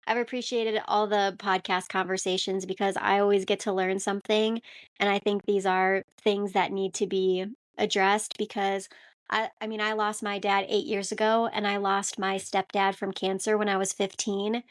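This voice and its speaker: Woman host, flat even voice, dry close sound, sincere and thankful. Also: mid-range voice, dry recording. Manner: sincere, appreciative. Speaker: podcast host. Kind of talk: interview questions.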